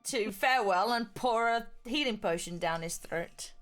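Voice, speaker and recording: A woman's voice: a little high, moderate pace, a bit bright, faint music behind. A woman playing a tabletop game, talking casually and checking rules aloud. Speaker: player.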